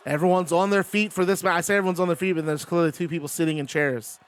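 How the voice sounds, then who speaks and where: A man commentating a wrestling video game on his live stream, talking in a high voice. His play-by-play is casual and chatty, like he is talking with his viewers. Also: a little fast, hardly any pauses, fairly bright tone, some chatter behind.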